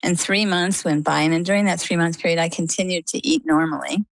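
An older woman from Maine, a guest telling her own story in a chatty, lively way. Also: fairly low pitch, a little fast, gravelly, no echo. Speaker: interview guest. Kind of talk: casual storytelling.

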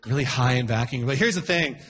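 A man in his forties doing a stand-up comedy set, shouting character voices for punchlines. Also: medium pitch, quick pace.

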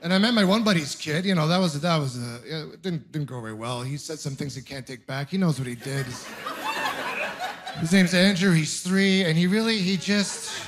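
Young male stand-up, high voice, incredulous ranting delivery into a stage mic. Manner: exasperated, incredulous delivery with quick asides. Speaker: stand-up comedian. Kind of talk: stand-up comedy set.

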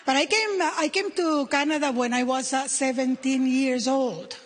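Nicaraguan lady comic on stage, high voice, spanish accent, animated punchlines. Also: moderate pace, a little hiss or hum. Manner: animated, playful, chants and shouts punchlines. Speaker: stand-up comedian. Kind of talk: stand-up comedy set. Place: comedy stage before a live audience.

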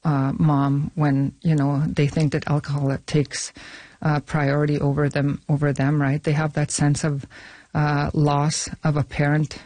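A middle-aged woman chatting as a guest about her work. She talks in a halting way, with lots of fillers and restarts, and laughs often. The sound is dry and close. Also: low voice, dark tone, dry recording. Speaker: film director and actor, guest. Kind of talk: casual interview conversation.

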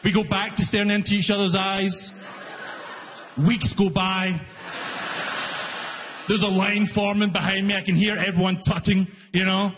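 A man's voice: high voice, level tone, unhurried, long pauses. A man performing a stand-up comedy set, telling a story animatedly and acting out both sides in raised voices, recorded live in a venue with audience laughter. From outside Canada, newly arrived. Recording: live hall reverb, faint room noise.

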